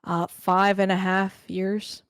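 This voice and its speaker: A young woman streamer answering interview questions casually, halting with fillers as she talks. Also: mid-range voice, flat delivery, smooth. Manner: hesitant, halting, with fillers and soft laughs. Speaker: streamer guest.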